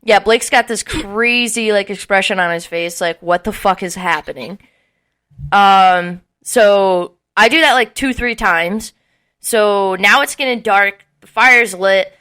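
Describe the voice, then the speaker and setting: A young woman with a bright, clear voice tells a rowdy story in casual podcast chat. She swears freely and acts out what people said with lively bursts. Her pitch sits in a middle range for a woman. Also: slow pace. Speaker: podcast co-host.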